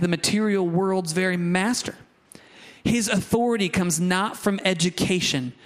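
Pastor, male, higher-pitched voice, animated and chatty from the pulpit. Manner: animated, conversational preaching with asides to the congregation. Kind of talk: sermon.

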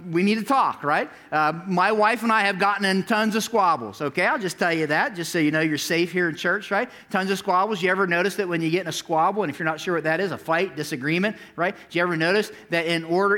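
Animated pastor, bright tense voice. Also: male voice, high-pitched, fast, few pauses. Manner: animated, rising to near-shouts when stressing a point; talks directly to the congregation, asks for hands and notes. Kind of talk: sermon. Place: church sanctuary before a congregation.

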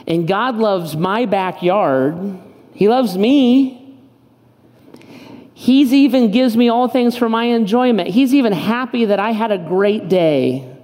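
A man's voice: sits high, takes it slowly, darkish tone, in a large hall. A man preaching a sermon as pastor, in an impassioned, emphatic way with lots of repetition. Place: church auditorium.

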